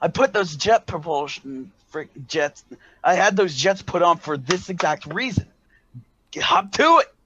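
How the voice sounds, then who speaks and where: A man voicing a bossy, short-tempered woman director who yells orders. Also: a little high, moderate pace, muffled recording, a little hiss or hum, close to an everyday voice. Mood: exasperated. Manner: yelling orders.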